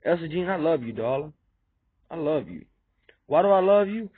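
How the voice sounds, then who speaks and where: A man rambling through a fervent, repetitive monologue, swinging between loud insistence and low muttering. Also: lively intonation, moderate pace, breathy edge. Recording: tinny phone-like dry recording.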